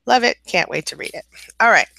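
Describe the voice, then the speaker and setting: A woman's voice: medium pitch, expressive, brisk, gravelly, pushed and bright, dry recording. A woman hosting a casual live-stream coaching chat, laughing often, greeting viewers by name and giving encouraging advice. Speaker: life coach and channel host.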